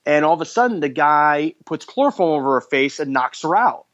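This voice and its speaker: A man's voice: on the high side, brisk. A man hosting a podcast, retelling a horror movie plot in casual chat and acting out the characters' lines. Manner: animated storyteller acting out quoted lines. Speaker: podcast host. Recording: dull lo-fi podcast audio.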